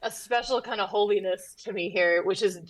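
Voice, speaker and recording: A woman's voice: medium pitch, low-quality recording. A woman from Tennessee, a pastor's wife and comedian, telling stories as a guest in a casual podcast interview. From Southern US, Tennessee. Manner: animated storyteller, quick asides.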